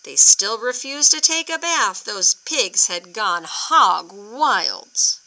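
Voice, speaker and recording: A woman reads a picture book aloud to young children and stops to ask them questions. Her delivery is unhurried, with pitch that swoops up and down. Her tone is very bright. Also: poor audio. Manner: expressive, asks children questions. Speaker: storyteller for children.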